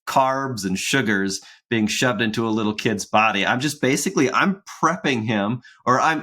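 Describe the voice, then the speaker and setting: A man co-hosting a casual podcast conversation, rambling along with frequent restarts and soft laughs. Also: on the low side. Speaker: podcast co-host.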